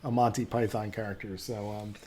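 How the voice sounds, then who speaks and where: A man co-hosting a podcast in relaxed casual chat, laughing along and trailing off into fillers. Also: lowish voice, a little fast. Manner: easygoing, laughs often, hesitant fillers. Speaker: podcast co-host.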